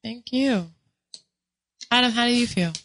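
A young woman co-hosting a casual radio chat, blunt and quick to argue, with a fairly high voice. Her tone is bright and clear, and she doesn't hold back her swearing. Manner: blunt, combative, swears freely. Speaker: co-host.

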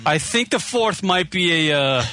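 A man's voice: on the high side, animated, unhurried, sharp tone. A man hosting a radio talk show, teasing the other guys in casual banter. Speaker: show host.

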